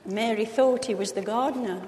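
A woman's voice: fairly high pitch, normal speed, a little mellow, slight background noise. Woman reading a Bible story in a hall. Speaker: reader.

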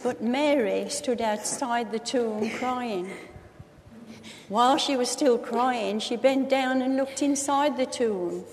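A woman reads a Bible story aloud in a steady, clear storytelling voice, pitched a little high. The sound has the long reverb of a hall, with faint noise behind it. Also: slow pace. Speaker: reader. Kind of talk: scripted Bible story reading.

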